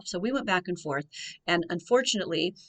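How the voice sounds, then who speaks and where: Woman financial coach from the US, radio host, measured storyteller, repeats phrases for emphasis, lowish voice. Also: lively intonation, a bit bright.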